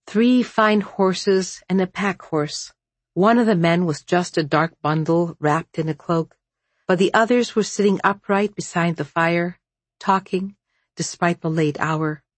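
A woman reading a novel aloud in scripted audiobook narration, slow and measured, with a lowish voice. Recorded close and dry, with no room sound. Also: no echo.

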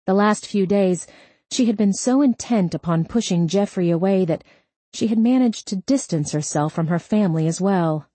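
A woman reading a novel aloud in a steady, scripted narration. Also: mid-range voice, normal speed, no echo. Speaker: audiobook narrator.

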